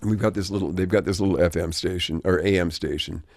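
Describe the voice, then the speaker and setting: An older man with a low, gravelly voice spins rambling stories as a guest, wry and conversational. The sound is close and dry, with no room around it. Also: steady tone, fast talker, a little mellow, no echo. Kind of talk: anecdotal storytelling.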